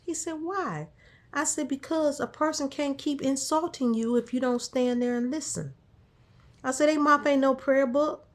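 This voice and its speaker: A woman's voice: high voice, normal speed. A woman casually telling a story from her caregiving job, quoting herself and a patient back and forth, with an encouraging, faith-tinged way of talking. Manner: encouraging, faith-infused talk. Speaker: caregiver sharing a workday story.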